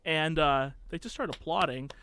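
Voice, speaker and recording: A young man telling a story as a podcast guest in a casual, animated way, acting out the quotes. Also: moderate pace, clean tone, dry recording, clean studio sound. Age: young adult. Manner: animated, acts out quotes with big pitch jumps.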